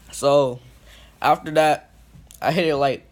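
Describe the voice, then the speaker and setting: A young man telling a casual story, rambling with lots of "like" and "boom", getting loud and then quiet as he acts out scenes. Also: vocal fry. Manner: swings from loud to quiet when acting out scenes.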